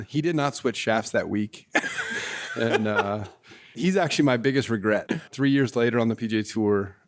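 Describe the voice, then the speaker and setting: A man, a golf equipment tour rep, guesting on a casual podcast and telling rambling stories with fillers and frequent laughter. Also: on the low side.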